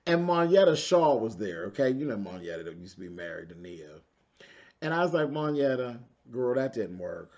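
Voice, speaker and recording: A man's voice: fairly low pitch, sing-song, a little fast, a little mellow, dull audio. A man recapping a reality TV episode in a sassy, gossipy way, calling his listeners "honey" and "child". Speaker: reality TV reviewer. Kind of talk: casual episode recap commentary.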